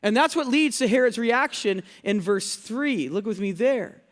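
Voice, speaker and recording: A man's voice: very high-pitched, lively intonation, measured pace, in a large hall. A male pastor preaching a sermon, teaching earnestly, stressing key words and repeating phrases for effect. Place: church sanctuary.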